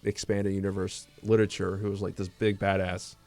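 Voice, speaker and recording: A young man co-hosting a casual podcast, talking in halting bursts full of fillers. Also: low voice, flat delivery, darkish tone, soft background music. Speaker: podcast co-host. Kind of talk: casual chat.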